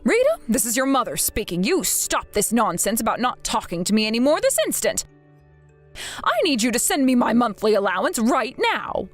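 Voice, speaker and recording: A woman voicing a whiny, manipulative older mother who pleads and guilt-trips in an animated story. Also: a little high, moderate pace, soft background music. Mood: demanding.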